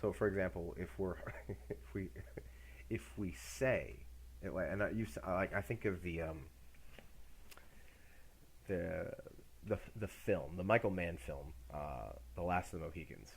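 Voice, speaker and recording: A man's voice: deep voice, a little slow, gravelly, pauses often, slightly rough. A middle-aged man giving a university lecture in a casual, jokey way, acting out examples as he goes.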